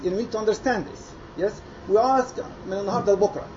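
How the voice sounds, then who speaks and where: A man's voice: high voice, very fast, darkish tone. Man coaching a choir. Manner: mixes English with Arabic, coaching and demonstrating by singing. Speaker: choir conductor. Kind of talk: choir rehearsal instruction. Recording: lo-fi with noise behind.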